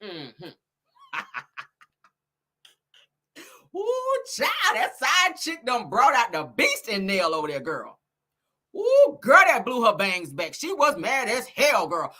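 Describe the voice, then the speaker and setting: A sassy woman dishes gossip straight to her viewers, laughing often and calling them honey and girl. Her voice is husky, and her pitch swoops up and down as she talks. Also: pushed and bright. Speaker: gossip commentary host. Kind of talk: casual gossip commentary.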